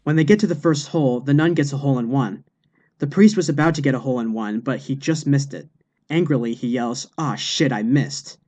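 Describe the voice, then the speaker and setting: A man's voice: medium pitch, fairly quick, warm tone. A man narrating a series of scripted jokes in a matter-of-fact reading voice. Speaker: joke narrator.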